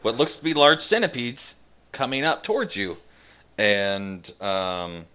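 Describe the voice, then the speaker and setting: A man narrating a tabletop game as game master, halting with many fillers. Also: medium pitch, big pitch swings, bright, forceful tone, clear, resonant tone.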